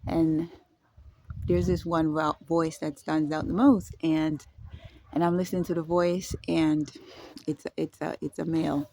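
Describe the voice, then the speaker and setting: Woman, lowish voice, dry close sound, rambling, halting, laughing vlog talk. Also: level tone, mellow, no room sound. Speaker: vlogger. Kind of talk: casual spoken reflection. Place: indoors at home.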